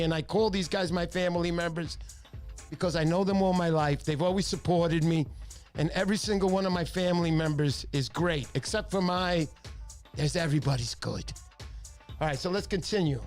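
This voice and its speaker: Casting: animated New guy, slightly high voice, stuffy cold, music underneath. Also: fairly quick. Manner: chatty storyteller, animated impressions. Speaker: fishing livestream host. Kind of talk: casual livestream chat.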